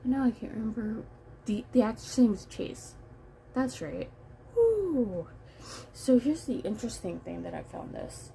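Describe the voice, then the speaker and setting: A woman's voice: a little high, animated, moderate pace, vocal fry, dark tone, a little hiss or hum, low-quality recording. A woman chatting casually through a book review, rambling and poking fun at herself. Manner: chatty, rambling, self-deprecating.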